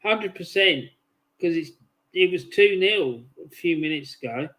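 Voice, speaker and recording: A man co-hosting a football watch-along, relaxed and reading out viewer comments. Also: sits high, a little slow.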